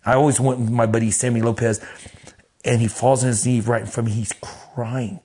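Guy in an interview telling wild stories, curses a lot, jumps into voices for the people he quotes, mid pitch. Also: fairly quick. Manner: animated, profane, acts out quoted voices. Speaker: guest. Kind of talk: casual storytelling in an interview.

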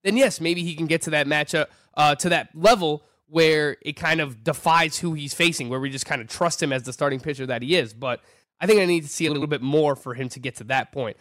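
Animated stat-heavy male podcast host. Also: fairly high pitch, a little fast, dry recording. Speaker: fantasy baseball podcast co-host. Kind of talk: casual sports analysis chat.

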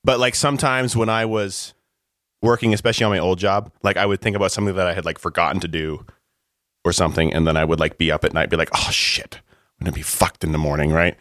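Rambling low-voiced young man. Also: steady tone, fast talker, fairly bright tone, no echo, clean studio sound. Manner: rambling, lots of filler words and restarts. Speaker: podcast host. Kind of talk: casual chat.

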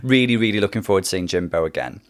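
A man's voice: deep voice, animated, racing. A British man co-hosting a podcast, chatty and wry, laughing often. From Britain. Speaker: podcast co-host. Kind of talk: casual chat.

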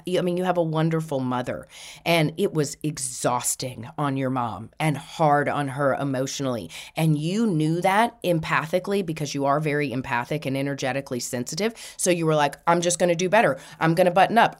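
A woman host giving a spiritual reading, passing on messages with frequent laughter. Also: on the low side. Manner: relays messages in quotes, laughing often. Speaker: psychic medium.

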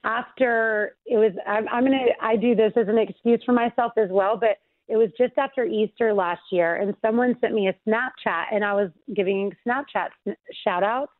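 A woman's voice: a little high, normal speed, dry recording. A woman radio host chatting over a phone call, bubbly, laughing and emphatic, a little congested. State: congested voice from allergies. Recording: tinny phone line, dry.

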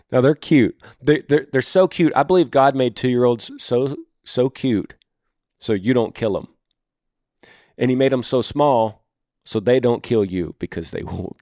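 A man's voice: medium pitch, darkish tone, no echo. A middle-aged man hosting an advice podcast, talking earnestly and encouragingly in a folksy, casual way, close to the microphone. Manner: earnest, encouraging, folksy, calls listener brother. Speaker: podcast host. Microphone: close studio microphone.

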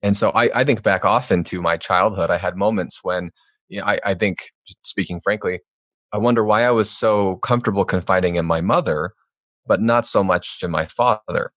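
Low-voiced man talking frankly as a guest. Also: normal speed, no room sound, clean studio sound. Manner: candid, reflective, animated when acting out quotes. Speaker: author and podcast guest. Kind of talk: conversational interview.

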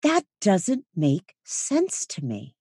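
A woman hosting a podcast interview, asking measured, empathetic questions. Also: on the low side, huge pitch swings, dark tone, slightly rough, no room sound, studio quality. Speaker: podcast host.

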